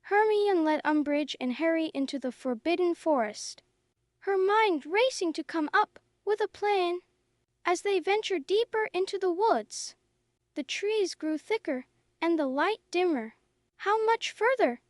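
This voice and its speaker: A woman narrating a story in a slow, clear, even reading for English learners. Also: extremely high pitch, dry recording, studio quality.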